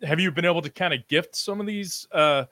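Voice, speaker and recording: Guy hosting a live stream, bright voice kinda high, lots of ums and restarts, dry close sound. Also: no room sound. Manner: halting, with frequent ums and restarts; reads out viewer comments. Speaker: livestream interview host. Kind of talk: casual live-stream interview.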